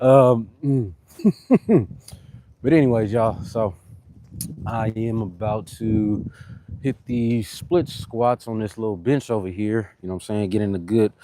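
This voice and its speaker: A man's voice of medium pitch and mellow tone. He rambles loosely in casual chat with viewers on a live fitness stream, greeting commenters between his workout sets and often saying "you know what I'm saying."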